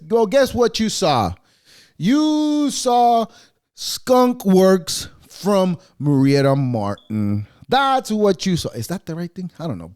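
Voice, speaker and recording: A man's voice: mid-range voice, a little mellow. A man hosting a podcast, going off in a sarcastic, rambling, profane monologue. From United States. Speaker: podcast host. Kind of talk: casual opinionated monologue.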